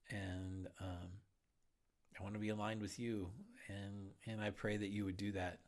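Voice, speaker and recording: A man's voice: lowish voice, level tone, moderate pace. A man hosting a Bible podcast, talking in an earnest, heartfelt, urging way. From United States. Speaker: podcast host. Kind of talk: earnest Bible teaching talk.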